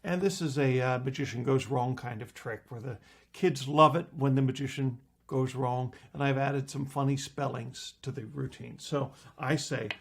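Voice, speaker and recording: A middle-aged man lecturing on card magic, playfully acting out his patter with big jumps in pitch. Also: fairly even intonation, normal speed, vocal fry, breathy edge.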